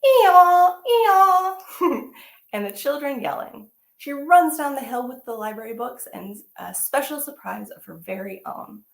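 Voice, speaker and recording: An animated woman reads a picture book aloud to children as a teaching artist, full of exclamations and questions to her young listeners. Her voice sits a little high with a gravelly edge. The room around her is echoey. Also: normal speed, hardly any pauses.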